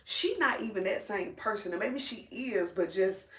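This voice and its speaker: A woman vlogger chatting casually while braiding her hair, animated, blunt and full of slang and cursing. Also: mid-range voice, moderate pace, roomy sound.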